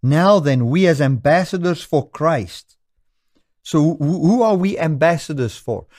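A man's voice: on the high side, animated, unhurried, a little mellow, no room sound, clean studio sound. Earnest South African-born man preaching. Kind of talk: sermon.

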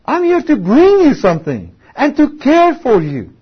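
A man's voice: very high voice, huge pitch swings, lo-fi sound. A man preaching a sermon, stretching out key words for emphasis and often restarting his sentences. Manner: emphatic, drawn-out stresses, frequent restarts.

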